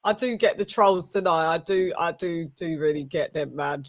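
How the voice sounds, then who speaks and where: A woman's voice: on the low side, normal speed. A British woman hosting a casual online show, chatty, laughing and loose with her words. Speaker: host. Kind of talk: casual chat.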